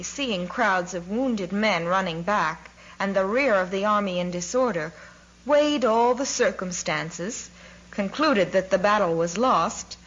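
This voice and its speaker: A woman narrates a classic novel in a measured, expressive way at a middle pitch. The recording is slightly dull and muffled. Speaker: audiobook narrator.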